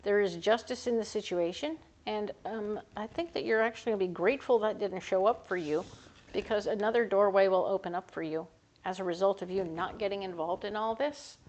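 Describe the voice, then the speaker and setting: A woman's voice: mid-range voice, fairly quick, a little mellow. A woman giving a casual, upbeat tarot reading to camera, chatty and often correcting herself mid-sentence. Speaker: tarot reader.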